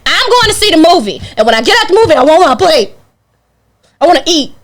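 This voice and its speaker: A young woman co-hosting a podcast, trading blunt, deadpan comebacks in casual banter. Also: extremely high pitch, quick pace. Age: young adult. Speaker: podcast co-host.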